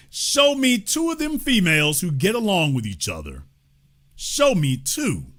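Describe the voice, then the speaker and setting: Man, middle-aged commentary host, sarcastic and taunting, lively swooping delivery, slightly high voice. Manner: emphatic, sarcastic, taunting, swings between loud outbursts and low asides. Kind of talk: heated political monologue.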